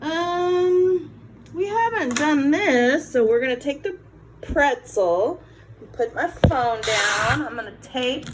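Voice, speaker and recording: A woman teacher talks through a phonics lesson in a slow, patient, encouraging way, voice pitched a little high. She is recorded on a phone that she keeps setting down and picking up. A faint hiss of noise sits behind her. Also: animated. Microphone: phone, set down and picked up.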